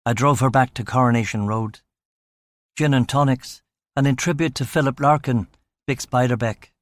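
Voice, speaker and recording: A male audiobook narrator reading first-person crime fiction in a wry, understated way. His voice sits at an ordinary pitch. The recording is close and dry, with no room sound. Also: normal speed, no room sound.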